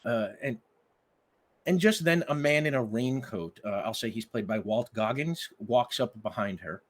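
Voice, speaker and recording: Game master, man, mid-pitched voice, relaxed scene-setting narration. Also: moderate pace.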